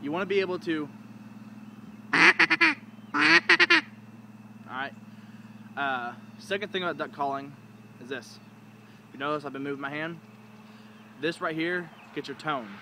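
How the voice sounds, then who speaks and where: A man's voice: on the high side, moderate pace, pauses often, fairly bright tone, slight background noise. A man giving a rambling, informal how-to lesson, often breaking into sounds to demonstrate. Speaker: duck calling instructor. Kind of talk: casual how-to video.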